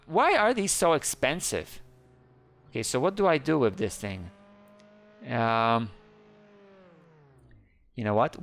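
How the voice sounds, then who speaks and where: A man giving excited, playful game commentary who squeals up high whenever he panics. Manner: squeals high when panicked, playful kid-friendly banter. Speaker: gaming YouTuber.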